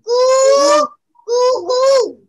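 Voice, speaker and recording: A woman putting on squeaky chanting young children. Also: animated, very slow, heavy background noise, heavily acted. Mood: chirpy chanting. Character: class of young children answering eagerly.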